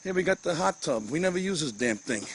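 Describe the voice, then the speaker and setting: A man's voice: fairly high pitch, lively intonation, quick pace. A middle-aged man, griping his way through a comedic rant while touring his own house and yard. He stammers and restarts often and grows more exasperated as he goes.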